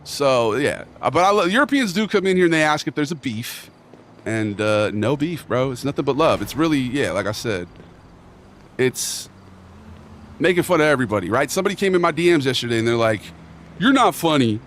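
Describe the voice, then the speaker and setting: A man's voice: medium pitch, expressive, brisk, fairly bright tone, slight background noise. A man streaming a game, chatting casually in a rambling, joking bro manner with mock earnestness. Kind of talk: casual chat while playing a game.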